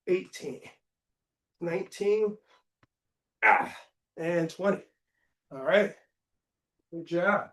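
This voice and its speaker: A male fitness coach leading a live workout, counting reps aloud between short chatty asides, straining from the effort. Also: high voice. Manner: slow, deliberate counting while exercising, with brief chatty asides. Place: indoor gym studio. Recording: echoey gym room.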